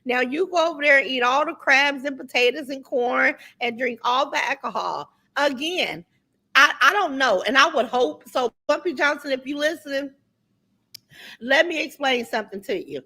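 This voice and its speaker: Blunt, bright-voiced woman livestream host. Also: high voice, animated, moderate pace. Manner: blunt, chatty, reads viewer comments aloud. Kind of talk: casual livestream commentary.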